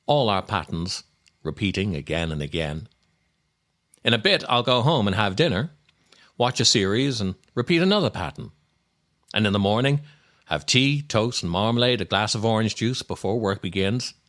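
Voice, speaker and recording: A podcast host reads his own essays aloud in a slightly low voice, with a wry, dry humor. His delivery rises and falls freely, and his storytelling is unhurried and reflective. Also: expressive, a bit bright.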